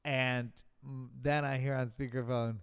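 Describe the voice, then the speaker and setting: Animated thirty-something man telling stories. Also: mid-range voice, unhurried, clear, resonant tone, dry recording. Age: 30s. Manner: animated storyteller, acts out shouted quotes. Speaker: podcast co-host. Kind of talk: casual chat, storytelling.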